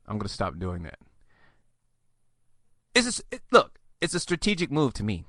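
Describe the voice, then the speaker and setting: Chatty bright-voiced man hosting a podcast. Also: medium pitch, wildly swooping pitch, normal speed, pauses often, no room sound, clean studio sound. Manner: chatty, joking asides, rambling. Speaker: podcast host. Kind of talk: solo podcast advice monologue.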